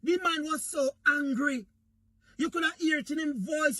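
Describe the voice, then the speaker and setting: A man's voice: extremely high pitch, fairly even intonation, brisk, sharp tone, no room sound. A man with a Jamaican accent delivering an impassioned political rant, repeatedly calling out to his audience. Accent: Jamaican Patois. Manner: fiery, preachy, repeatedly addresses Jamaica. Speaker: political commentator.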